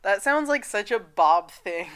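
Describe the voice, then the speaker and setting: Woman co-host, high and giggly, animated pitch, smooth clear voice. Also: measured pace. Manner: giggly, laughs often. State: high on cannabis. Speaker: podcast co-host. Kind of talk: casual chat.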